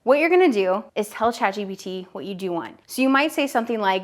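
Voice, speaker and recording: This is a woman in her thirties giving a direct-to-camera business lesson. She is upbeat and direct and addresses the viewer personally. Her voice sits at a middling pitch. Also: lively intonation, fast talker, hardly any pauses. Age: 30s. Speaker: online business educator. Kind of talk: direct-to-camera teaching video.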